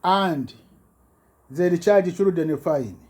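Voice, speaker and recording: Slow halting man in broken English. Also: on the high side, a little mellow. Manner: halting broken English, many restarts and repetitions. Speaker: self-recorded complainant. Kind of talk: rambling personal account.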